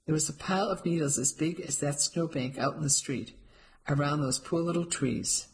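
A narrator voicing a blunt, grumbling elderly woman who smokes, with a raspy voice, in an audiobook. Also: mid-range voice, moderate pace, natural voice. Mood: indignant. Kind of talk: audiobook character voice.

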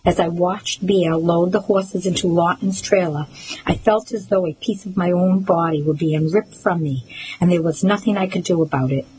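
A woman reading a novel aloud for a reading service, in an even, measured way. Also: on the low side, a little hiss or hum, low-quality recording. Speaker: volunteer reader for a reading service. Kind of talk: audiobook reading.

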